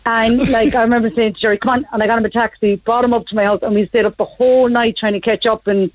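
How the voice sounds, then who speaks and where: A woman, telling a family story as a radio guest in a brisk, animated way. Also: fairly high pitch. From Ireland. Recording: dry, slightly muffled radio audio.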